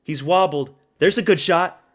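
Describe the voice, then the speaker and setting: Man swearing loudly at a fight. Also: on the high side, moderate pace. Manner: profane, excitable, yelling at the screen. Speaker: host of a fight watch-party stream. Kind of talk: live fight reaction commentary.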